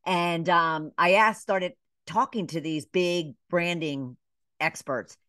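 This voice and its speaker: A middle-aged woman from Atlanta, a business coach, telling her story in a casual interview, with lively asides, many fillers and short bits acting out other voices. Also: fairly low pitch, slow, dry recording, studio quality. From Atlanta, Georgia. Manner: animated storyteller, acts out quoted voices, many "you know" fillers. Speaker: business coach and podcast guest.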